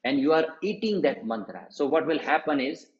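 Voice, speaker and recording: A man giving a patient, slow-paced spoken lesson on meditation and chanting, repeating words as he explains. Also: fairly high pitch, expressive. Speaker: meditation teacher. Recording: dull, roomy sound.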